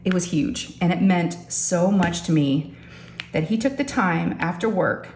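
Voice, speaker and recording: A woman's voice: lowish voice, unhurried, a little hiss or hum. Chatty woman telling a story. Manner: chatty, animated, addresses viewers as y'all. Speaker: crafting vlogger. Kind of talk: casual storytelling chat. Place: home craft room. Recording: echoey room with faint ambience.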